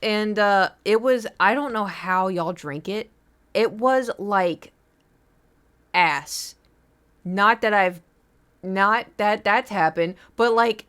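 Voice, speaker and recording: A young woman chats casually on her live stream. She tells long, rambling stories, full of fillers and restarts, in an everyday voice of middle pitch. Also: slow pace, a bit bright. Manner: rambling storytelling with lots of fillers.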